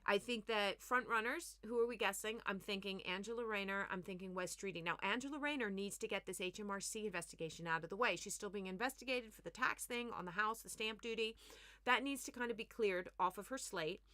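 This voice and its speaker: A woman comedian hosts a comic news rundown, talking with a mid-range voice. She rants with sarcastic, animated asides. The sound is dry and close, with no room echo. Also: mid-range voice, a little fast. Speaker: comedian host.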